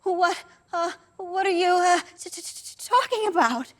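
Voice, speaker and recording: A woman's voice: very high voice, expressive, moderate pace, voice pushed up. A woman voicing her own younger self, a flustered teenage girl who stutters when caught out.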